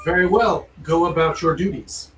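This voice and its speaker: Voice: medium pitch, normal speed, reverberant, recorded from a distance, over music, close to an everyday voice, low-quality recording. A game master voicing a stern, formal male vampire lord in a tabletop game, with curt, clipped lines. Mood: dismissive.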